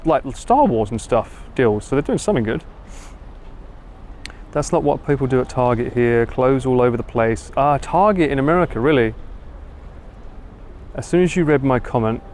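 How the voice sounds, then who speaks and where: A man's voice: medium pitch, a little mellow, slight background noise. A man with an Essex accent chatting casually on a live stream, reading and answering viewer comments as he walks. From England. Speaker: livestream host. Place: outdoors on a city street.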